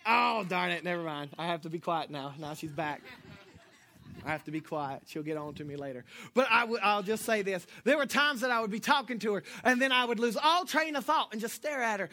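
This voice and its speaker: High, bright-voiced joking preacher man. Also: brisk. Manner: animated, joking, swings between loud and soft. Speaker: pastor. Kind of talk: sermon.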